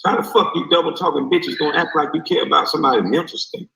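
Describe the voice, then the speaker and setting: A man delivering a heated, profane rant in a streamed clip, forceful and animated. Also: on the high side, quick pace, vocal fry. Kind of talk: heated ranting monologue. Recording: roomy echo.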